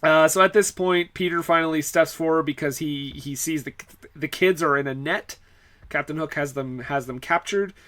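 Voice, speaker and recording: A man's voice: fairly high pitch, moderate pace, fairly bright tone. A man co-hosting a podcast, recapping film scenes in casual chat, laughing often and using lots of fillers. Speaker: podcast co-host. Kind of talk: casual movie-review chat.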